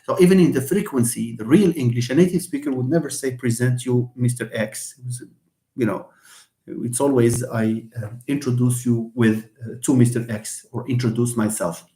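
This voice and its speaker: A man's voice: mid-range voice, fairly even intonation, normal speed, dark tone. A man teaching English in a live online lesson. He explains patiently, repeats examples and answers students by name. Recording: echoey room.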